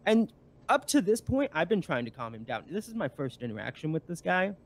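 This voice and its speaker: A man's voice: a little high, big pitch swings, brisk. A man, a guest on a live stream, telling a story in a rambling casual way with many fillers and restarts.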